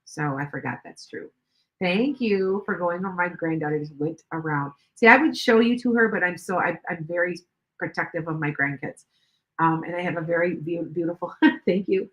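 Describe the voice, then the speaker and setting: A woman's voice: lowish voice, fairly bright tone, rough recording. Chatty older woman rambling on a livestream. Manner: rambling, chatty, many restarts. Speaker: tarot reader livestream host. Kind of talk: casual livestream chat.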